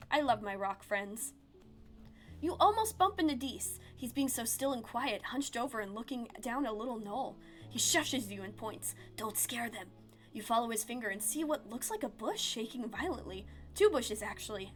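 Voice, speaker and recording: Woman streamer narrating a story game, expressive read, fairly high voice, faint music under it. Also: moderate pace. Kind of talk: reading a narrative game aloud.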